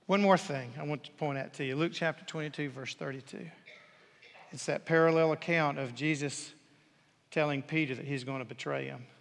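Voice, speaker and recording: A man with a high voice delivers a sermon from the pulpit, swinging between ringing declarations and near-whispers. His voice carries a long, lingering reverb off the walls of a large church sanctuary. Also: fairly even intonation, moderate pace, gravelly. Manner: dramatic swings from loud to whispered. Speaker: pastor.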